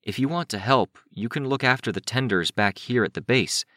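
A man's voice: mid-range voice, normal speed, sharp tone, dry recording, clean studio sound, voice pushed up, lightly acted. A man voicing a firm, frustrated young woman who leads a team of heroes in an audiobook.

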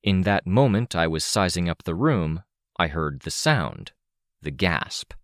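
Low voiced guy reading a story aloud, lively ups and downs, super dry mic. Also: unhurried, dry recording. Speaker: audiobook narrator. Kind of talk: first-person audiobook narration.

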